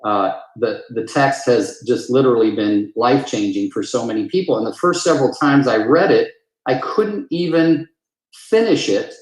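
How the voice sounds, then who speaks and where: A man of middle pitch giving earnest, emphatic advice to a live audience, leaning on repeated words to drive points home. His voice carries a roomy echo around it. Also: animated, moderate pace. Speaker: real estate coach. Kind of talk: live town hall talk.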